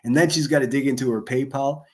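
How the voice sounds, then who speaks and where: A man hosting a livestream, ranting angrily and profanely into a desk microphone, breaking into yelled bursts and sarcastic asides. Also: medium pitch, fairly even intonation, fast talker. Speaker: livestream host. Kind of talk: angry livestream rant.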